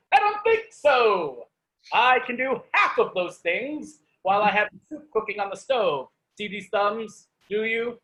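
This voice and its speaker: A man's voice: high-pitched, rough recording. A middle-aged man, a performance poet, doing a comic spoken-word reading over a video call. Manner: animated, comic delivery.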